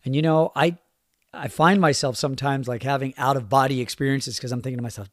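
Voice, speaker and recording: A man's voice: medium pitch, fairly even intonation, fast talker, no echo, studio quality. A middle-aged man hosting his own podcast, talking earnestly and from the heart about growth and communication, leaning on key phrases. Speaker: podcast host and youth coach. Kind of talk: personal motivational podcast monologue.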